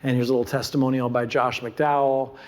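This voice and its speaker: A man's voice: medium pitch, little pitch movement, fairly quick. A man presenting a curriculum to an audience. He talks emphatically, repeats his key points and asks rhetorical questions. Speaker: conference speaker presenting a curriculum.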